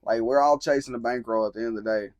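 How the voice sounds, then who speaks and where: A young man with a Southern accent, talking in a relaxed, drawling way as a musician guest in an interview. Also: mid-range voice, fast talker, no room sound, clean studio sound. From Tennessee. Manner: laid-back, drawling, swears casually. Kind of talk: casual interview chat.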